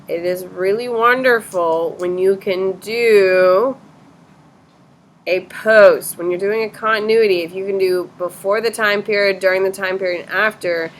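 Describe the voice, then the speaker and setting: Brisk bright-voiced woman teacher quizzing a class. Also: lowish voice, a little hiss or hum. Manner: brisk, quizzing students, blunt corrections. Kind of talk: classroom lecture with questioning.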